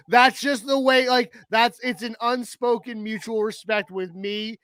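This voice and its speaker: Male podcast co-host, high voice, dry close sound, laughs a lot. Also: measured pace, hardly any pauses, clean tone, no room sound. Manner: giggly, animated, frequent laughter. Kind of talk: casual chat.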